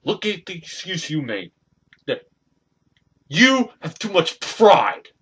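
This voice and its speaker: A man with a high, bright, husky voice delivers a ranting wrestling promo. His pitch leaps all over the place and he talks slowly, swinging from shouted bursts to low mutters. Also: sing-song. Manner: angry ranting, swinging between loud bursts and quiet mutters. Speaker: hobby online wrestling performer.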